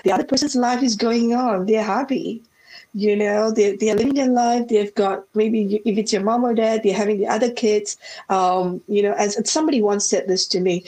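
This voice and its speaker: Woman guest in her 40s, from Singapore; heartfelt, reflective storyteller, mid-pitched voice. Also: steady tone, normal speed, darkish tone, rough recording. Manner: heartfelt, reflective, with many restarts. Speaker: podcast guest. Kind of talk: emotional personal storytelling.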